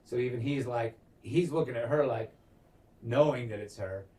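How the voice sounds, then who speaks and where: Man, co-host, casual recap, animated, swearing, distant mic. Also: mid-range voice, moderate pace. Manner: animated, swears a lot, acts out lines. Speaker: podcast co-host.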